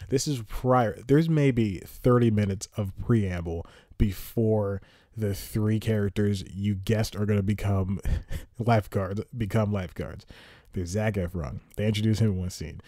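A man's voice: on the low side, unhurried, warm tone, no echo, studio quality. A man hosting a podcast, rambling through an exasperated solo movie review full of tangents and sighs. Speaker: podcast host.

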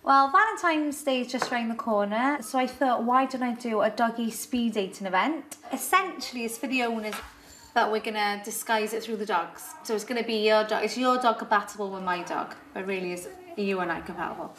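A woman's voice: a little high, fairly quick, fairly bright tone, slight background noise. A dog spa owner, a woman, explains her plans in an upbeat, businesslike way. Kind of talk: interview. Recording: echoey room.

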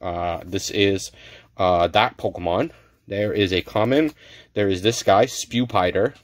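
A man's voice: low voice, unhurried. A man hosting a card-opening video, chatting casually and stumbling over names as he goes. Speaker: card-opening channel host. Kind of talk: casual unboxing chat.

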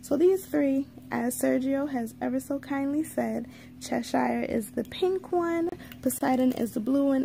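A woman's voice: high voice, creaky, dark tone, a little hiss or hum. A woman hosting a casual live unboxing, chatting to viewers and greeting them by name. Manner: slow, drawn-out delivery with frequent asides. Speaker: livestream host.

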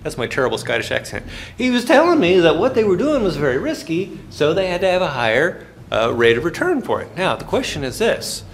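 A middle-aged man giving a classroom finance lecture in a lively, folksy storytelling manner, sometimes making sound effects. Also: a little high, a little fast, slight background noise.

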